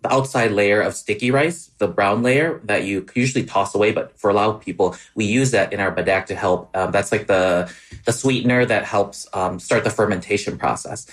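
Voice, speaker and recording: A man with a Wisconsin accent, a cookbook author chatting eagerly in an interview, with lots of likes and ums. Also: on the low side. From Wisconsin, USA. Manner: quick, enthusiastic, filler-heavy. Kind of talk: casual interview chat.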